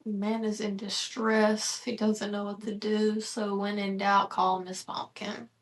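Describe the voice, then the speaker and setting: A woman's voice: mid-range voice, flat delivery, slow pace. A woman co-hosting a podcast, offering thoughtful, reflective remarks in casual commentary. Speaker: podcast co-host.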